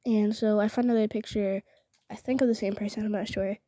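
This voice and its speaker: A woman's voice: medium pitch, fairly even intonation, a little fast, mellow, no room sound. Indignant young woman, half-whispering. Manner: indignant, often drops to a whisper; rambling, many filler "like"s. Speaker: vlogger. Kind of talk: casual storytelling.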